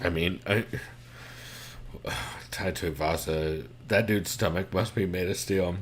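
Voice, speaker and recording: A man's voice: sits low, takes it slowly, a little hiss or hum. A man co-hosting a podcast in casual chat, profane and joking, laughing often. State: has two broken toes. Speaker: podcast co-host.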